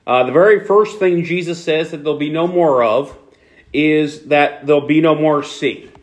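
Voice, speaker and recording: A man's voice: fairly high pitch, normal speed. A man with a Philadelphia accent preaching a sermon to his congregation, conversational, with many fillers and restarts. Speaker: pastor.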